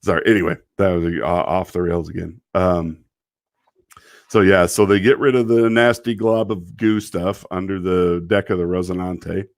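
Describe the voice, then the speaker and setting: A man's voice: deep voice, fairly even intonation, normal speed, no room sound, clean studio sound. A man casually reviewing a TV episode on a live stream, rambling, often breaking into laughter and apologizing. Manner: quotes characters in mock voices.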